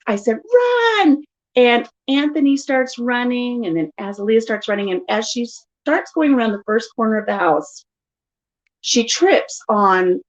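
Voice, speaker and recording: A middle-aged woman casually telling stories in an animated way during a live chat at home. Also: a little high, highs cut off. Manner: chatty, animated storytelling. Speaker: vlogger.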